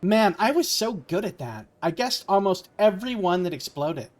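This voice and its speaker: A man's voice: high voice, big pitch swings, moderate pace. A man commentating live on a video game he is playing, chatty and musing as he talks through what happens. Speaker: let's play commentator. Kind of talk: live-streamed gameplay commentary.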